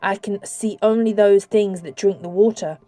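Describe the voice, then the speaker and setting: Storybook creature: a woman putting on a callous little male lake beast, gravelly and deep, slow and unbothered, mellow tone, dry booth sound. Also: steady tone, dry recording, natural voice. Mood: cold, dismissive. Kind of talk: audiobook character voice.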